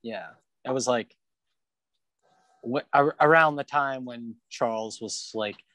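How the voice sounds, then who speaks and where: A male rollerblader, guesting on a casual podcast interview from a Kansas City porch, talks bluntly with heavy swearing and filler words. His medium-pitched voice is a bit bright and measured, with long pauses, and there's no echo.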